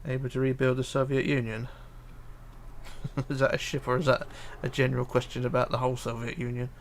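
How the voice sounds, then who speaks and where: Reading chat aloud while building on a casual stream, this man mutters to himself with hesitant fillers. His mid-range voice has little pitch movement and moves fairly quickly, with slight background noise.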